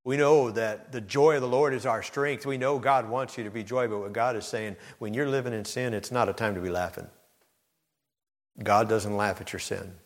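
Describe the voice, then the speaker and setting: A male preacher with a lowish, steady voice speaks at normal speed, delivering a sermon directly to his congregation. The emphasis keeps building until he's almost shouting, and the long reverb of a hall surrounds him.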